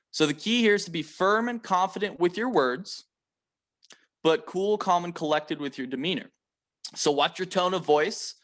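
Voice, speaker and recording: A man's voice: on the high side, fairly bright tone. A man giving a sales training talk to a team of reps, emphatic and repetitive, checking in with "right?" after his points. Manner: emphatic, repeats key points, frequent "right?" tags; calls himself aggressive.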